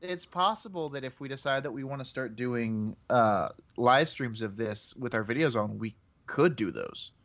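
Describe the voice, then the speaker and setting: A man's voice: medium pitch, animated, normal speed, hardly any pauses, fairly bright tone. A man co-hosting a podcast in a laid-back, amused way. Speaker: podcast co-host. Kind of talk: casual podcast chat. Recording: dull lo-fi mic.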